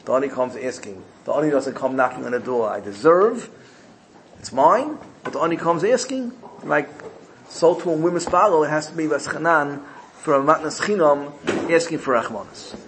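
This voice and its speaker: A man giving an animated Torah sermon, telling stories and using Hebrew and Yiddish terms. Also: on the high side, fairly quick, a little hiss or hum. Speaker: rabbi teaching Torah. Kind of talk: sermon with storytelling.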